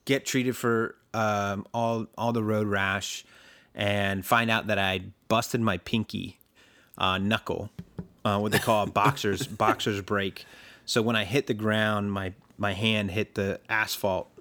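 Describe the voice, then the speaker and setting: A man's voice: fairly low pitch, flat delivery, slow, a bit bright. A man telling a story in casual podcast chat, chuckling often and rambling with lots of fillers.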